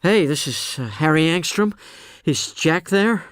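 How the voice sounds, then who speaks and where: Awkward young guy begging, halting words, man reading him in an audiobook, dry close sound. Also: fairly high pitch, expressive, a bit bright, clean tone, no echo, voice pushed up. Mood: hesitant. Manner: hesitant, halting.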